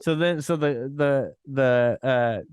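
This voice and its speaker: A man's voice: mid-range voice, slow pace, clean tone, no echo. A man co-hosting a comedy podcast, chuckling and swearing freely in casual chat. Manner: chuckling, swears freely, trips over restarts. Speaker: podcast co-host.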